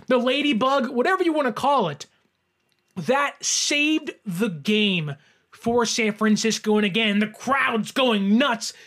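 High-voiced excited man ranting sports. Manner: animated, fan ranting with rising shouts. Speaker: sports podcast host. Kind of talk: excited sports reaction monologue.

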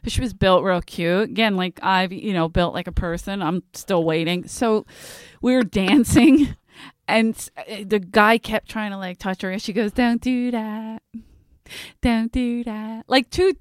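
A woman, swapping stories in a loose, animated chat. Her voice is smooth and clear, recorded dry and close with no room sound. She laughs a lot and puts on the voices of the people she quotes. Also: mid-range voice, moderate pace, no room sound. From South Philadelphia. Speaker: comedy podcast host. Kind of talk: casual storytelling chat.

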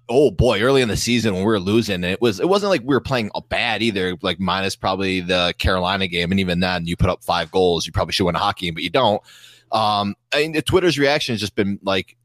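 A man with a low, nasal voice talks as a podcast guest in a loose, rambling way, often restarting sentences. The sound is dry and close, with almost no room behind it. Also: a bit bright, no echo. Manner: self-deprecating, rambling with restarts. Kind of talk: casual podcast chat.

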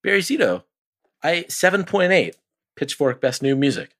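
A man co-hosting a casual sports podcast, chatty and quick to laugh. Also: a little high, sing-song, a bit bright. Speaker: podcast co-host.

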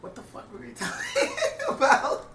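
A young man telling a profane, animated story in a casual podcast chat. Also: very high voice, normal speed. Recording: echoey room, distant mic, faint noise.

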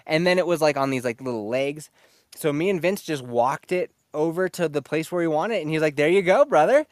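A man's voice: a little high, a little fast, dry recording. Man telling a profane story, dry sound. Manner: profane, laughing, animated retelling. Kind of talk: casual storytelling.

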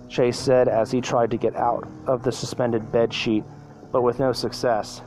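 A man reads a homemade story aloud at a plain, middling pitch. He trips over words and corrects himself mid-sentence. Faint background music runs underneath. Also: level tone, measured pace, a little mellow, rough recording. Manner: stumbling, self-correcting reading. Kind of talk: reading a fan story aloud.

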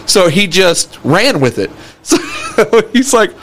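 Brief: high, lively male podcast co-host, crude jokes, constant laughter, faint noise behind. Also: slow. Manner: crude, laughs often, animated storytelling. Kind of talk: casual chat.

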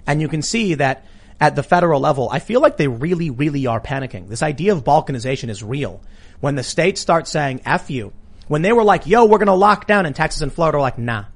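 A man hosting a talk show, arguing politics in a casual, animated way. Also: a little high. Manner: animated, argumentative, quick asides. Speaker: podcast host.

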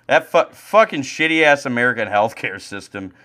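A young man co-hosting a podcast, ranting angrily and profanely about baseball, swinging between loud outbursts and low mutters. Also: lively intonation, moderate pace. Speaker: podcast co-host. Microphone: home streaming mic.

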